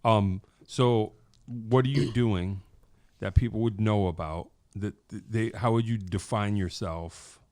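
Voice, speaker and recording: A man's voice: on the low side, measured pace, a little mellow, no echo. A man hosting a podcast interview, chatting loosely, joking and agreeing with many short words. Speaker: podcast host. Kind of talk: casual interview chat.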